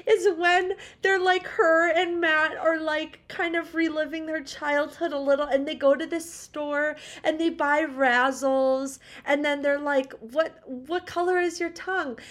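A woman's voice: high voice, fairly even intonation, unhurried, few pauses, a bit bright. A young woman co-hosting a chatty podcast, gushing and laughing often as she talks. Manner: bubbly, gushing, laughs often, many "like" fillers. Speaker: podcast co-host. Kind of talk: casual chat.

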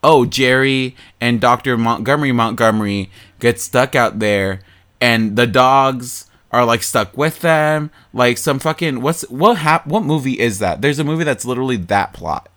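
A man in casual chat, recapping a movie plot in an animated, profane way and mocking the characters. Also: mid-range voice, moderate pace. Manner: animated, profane storytelling with mocking quoted voices. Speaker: podcast co-host.

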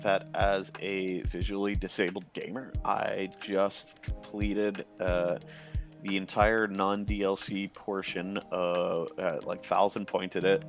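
A man's voice: deep voice, level tone, slow pace, gravelly, soft background music. A man in casual chat, laid-back, swearing often and laughing a lot.

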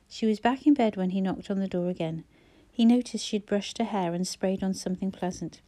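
A woman reading a novel aloud as narrator, calm and measured. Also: mid-range voice. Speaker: audiobook narrator. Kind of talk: scripted narration.

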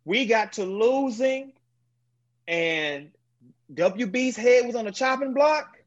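Animated man telling a story, dull sound. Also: slow. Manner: animated, acts out quoted people with sudden high, loud bursts. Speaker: guest, former pro quarterback. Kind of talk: storytelling in a podcast interview. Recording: dull lo-fi audio.

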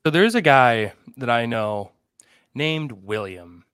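A man's voice: mid-range voice, lively intonation, slow, fairly bright tone, clean tone, dry recording, clean studio sound. A young man co-hosting a casual podcast, joking and bantering in a laid-back way. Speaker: podcast co-host.

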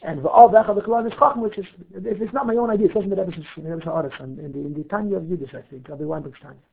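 A man's voice: high-pitched, racing, gravelly, slight background noise. A man teaching a Torah class, reading Hebrew text and explaining it line by line with questions and answers. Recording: phone-like narrow audio.

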